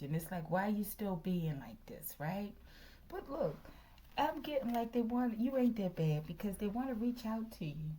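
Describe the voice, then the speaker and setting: A woman's voice: on the low side, dark tone. Woman, tarot reader, casual chat, half-whispered asides, faint background hiss. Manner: chatty, slips into whispers, says "okay" constantly.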